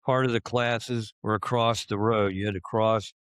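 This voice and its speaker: An older man in his seventies recounting his youth in an unhurried, halting way, full of fillers and restarts. His voice sits low and sounds smooth and resonant, recorded dry and close. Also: steady tone, a bit bright, dry recording. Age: 70s. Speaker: interviewee recalling his youth. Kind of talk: casual reminiscing.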